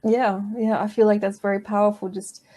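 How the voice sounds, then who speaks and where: A woman massage therapist as an interview guest, explaining her methods calmly and gently. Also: mid-range voice, fairly quick. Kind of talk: interview conversation.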